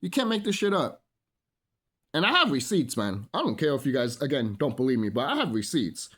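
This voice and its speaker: A man's voice: medium pitch, big pitch swings, a little fast, a bit bright, breathy edge. A man ranting in a solo monologue, profane and rambling, full of fillers, preaching to his listeners as brothers and sisters. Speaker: vlogger.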